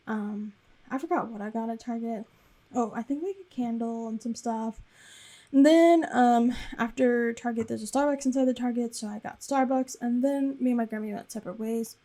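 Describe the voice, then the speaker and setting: A young woman narrates her vlog in a loose, chatty way, with lots of filler as she wanders from point to point. Her voice sits a little high, with a warm, mellow tone and a gravelly vocal fry running through it. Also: normal speed. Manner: rambling and chatty, with frequent fillers. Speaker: planner vlogger. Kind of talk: casual voice-over recap.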